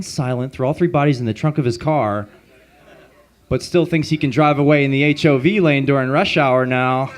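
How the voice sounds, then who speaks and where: A man with a slightly high voice performs a stand-up set on a comedy club stage. He delivers deadpan setups and quick punchlines through a handheld mic and sometimes laughs at his own jokes.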